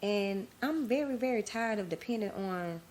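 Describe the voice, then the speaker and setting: A woman hosts her own podcast in a frank, emotional monologue, talking straight to her listeners. Her voice sits in a middle pitch, and a faint hum of background noise runs under it. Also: animated, normal speed, darkish tone. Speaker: podcast host.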